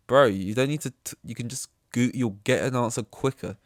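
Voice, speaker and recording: A man's voice: mid-range voice, very animated, fairly quick, hardly any pauses, dry recording, clean studio sound. A young man hosting a solo podcast, rambling in a sarcastic, sweary way. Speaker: podcast host. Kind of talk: casual solo podcast monologue.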